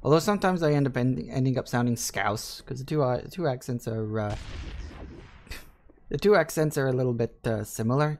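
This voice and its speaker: A man's voice: medium pitch, normal speed. A man with an English Midlands accent giving chatty, joking live commentary while streaming a game and answering his chat. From England.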